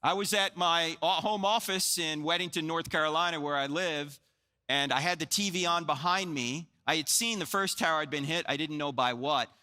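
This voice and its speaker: A man in his sixties from New Jersey gives a Christian apologetics talk to a live audience, joking, telling stories, and asking them questions. His voice sits a little high, bright, forceful, and clean, at a moderate pace.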